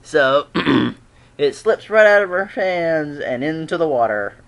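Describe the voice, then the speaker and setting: A fan reviewer giving a casual, chatty episode recap, often clearing the throat and acting out the characters' lines. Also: mid-range voice, expressive, slow, a bit bright. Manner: frequently clears throat and laughs.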